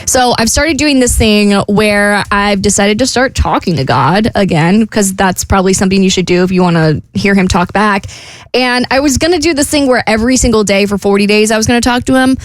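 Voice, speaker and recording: A woman's voice: mid-range voice, fairly quick, no room sound. A woman in her twenties co-hosting a radio show, talking candidly and laughing at herself. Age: 20s. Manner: candid, laughing, rambling with self-aware jokes. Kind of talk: casual morning radio chat. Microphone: studio microphone.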